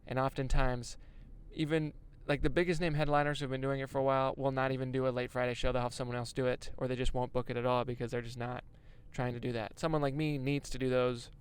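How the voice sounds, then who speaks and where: Mid-range and smooth, this young man's voice moves little in pitch as he talks quickly with few pauses. He's a stand-up comedian vlogging from inside a moving van, rambling and swearing through self-deprecating jokes as he drives.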